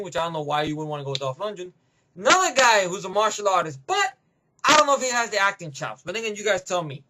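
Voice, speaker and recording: A man's voice: high voice, heavy background noise. A man giving a rambling, profane movie review rant, heavy on emphatic opinions.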